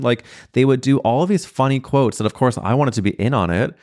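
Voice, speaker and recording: A man in his thirties from St. Louis, hosting a solo podcast and telling a funny story in a campy, animated way, acting out the other people's lines and laughing as he goes. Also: mid-range voice, quick pace, few pauses, dry recording, clean studio sound. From St. Louis, Missouri, USA. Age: 30s. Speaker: podcast host.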